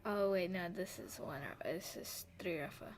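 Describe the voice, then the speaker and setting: A woman in a class giving short, soft answers and acknowledgments to her teacher. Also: on the low side, moderate pace, crowd noise. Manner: short soft replies and backchannels. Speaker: student.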